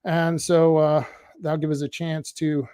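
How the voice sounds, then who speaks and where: A man from the United States hosts a local political livestream, his voice sitting a little high for a man. He talks casually and bluntly, throwing sarcasm at commenters. The sound is close and dry, with no room around it. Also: little pitch movement, measured pace, mellow, clean tone, no room sound. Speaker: host of a local political web show.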